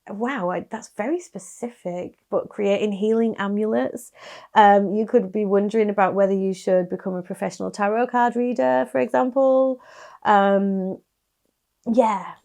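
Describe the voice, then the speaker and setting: Chatty woman tarot reader, soft-spoken, a little gravelly, casual to camera. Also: mid-range voice.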